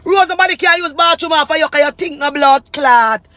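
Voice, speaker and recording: A man's voice: very high-pitched, normal speed, pushed and bright, dry recording. A Jamaican man in an angry, profanity-heavy rant, repeating insults over and over. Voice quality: heavy cursing, repetitive insults. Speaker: vlog subject.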